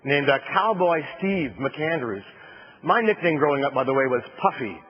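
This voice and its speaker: A husky-voiced man from New Jersey tells a comic adventure story as a motivational speaker, his pitch leaping and swooping as he acts out shouts and lands punchlines. The sound is muffled and lo-fi, as from an older recording. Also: expressive, moderate pace, long reverb tail. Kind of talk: storytelling keynote speech.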